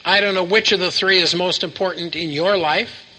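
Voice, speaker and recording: A man's voice: high-pitched, fairly even intonation, normal speed, sharp tone, rough recording. A man preaching a sermon to a live congregation, asking questions and having them repeat lines back to him.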